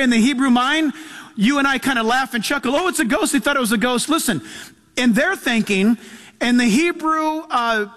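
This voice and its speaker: A man's voice: very high-pitched, fairly bright tone. A man preaching a sermon as pastor, reading scripture aloud and driving his points home with emphasis. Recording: long hall reverb.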